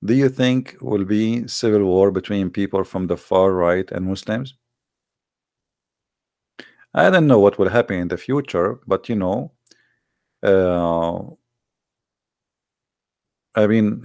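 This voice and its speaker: Gravelly-voiced man, non-native English. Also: fairly low pitch, darkish tone, no echo, clean studio sound. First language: not English. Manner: argumentative, repeats himself, halting non-native English. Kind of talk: casual heated monologue.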